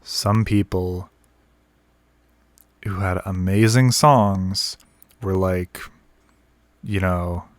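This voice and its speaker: A vocalist with a deep voice and fairly even intonation talks casually and bluntly to camera, very slowly and with long pauses. He swears freely, uses plenty of fillers, and counts and taps out rhythms as he explains. The recording is dry.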